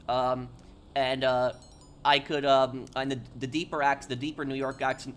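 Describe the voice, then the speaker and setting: A man's voice: mid-range voice, steady tone, normal speed, a bit bright. A man streaming a game live, chatting casually with viewers and answering their messages, often stopping and repeating words. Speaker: gaming streamer.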